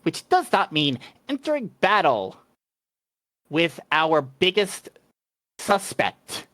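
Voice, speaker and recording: Game master as steady authoritative woman leader, firm, questioning, unhurried. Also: mid-range voice, dry recording, studio quality, pitched above the performer's own voice. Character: calm authoritative woman mentor.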